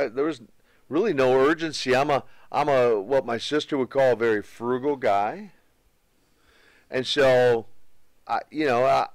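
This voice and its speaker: A man's voice: medium pitch, no room sound. Easygoing man telling stories. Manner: unhurried anecdotal storyteller. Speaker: guest, former pro wrestler. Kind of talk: casual interview storytelling.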